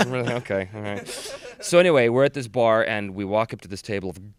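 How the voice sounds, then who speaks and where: A man's voice: lowish voice, normal speed, smooth. A male voice actor, a convention guest, telling stories in a casual interview and slipping into accents. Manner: animated storyteller, slips into accents.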